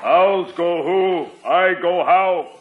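A slow, solemn old tribal chief, speaking in clipped broken phrases and chanting now and then. The voice sits a bit high and the sound is dull and lo-fi, like an old TV soundtrack. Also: male voice, noisy background. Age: older.

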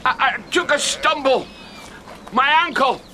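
A man's voice: extremely high pitch, measured pace, bright, forceful tone, a little hiss or hum, heavily acted. An actor with a Scottish accent playing a vain older male wandering poet who talks in a grand, theatrical way. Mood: pleading. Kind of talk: film drama acting.

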